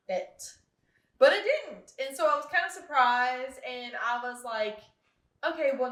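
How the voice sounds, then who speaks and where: A woman's voice: a little high, sharp tone, roomy sound, poor audio. A young woman chatting casually to camera about books, rambling with fillers and frequent laughs. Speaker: book vlogger.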